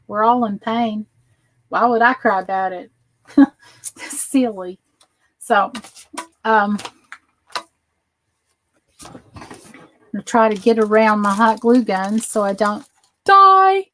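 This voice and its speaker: A woman's voice: fairly high pitch, rough recording. A tired woman chatting casually with viewers while she crafts on a live stream. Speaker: crafting livestream host.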